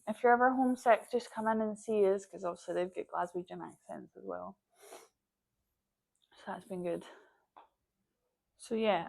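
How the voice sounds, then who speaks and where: A woman's voice: fairly low pitch, creaky. A young woman with a Scottish accent, chatting casually in a home vlog and telling stories with lots of quoted dialogue and "like". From Scotland. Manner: animated storytelling, acts out quoted dialogue, frequent "like". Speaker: vlogger.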